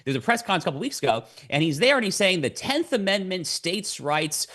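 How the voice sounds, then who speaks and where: Animated man explaining at length. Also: high-pitched, fast. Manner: lecturing, animated, repeats words when starting. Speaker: podcast guest. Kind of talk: explanatory conversation.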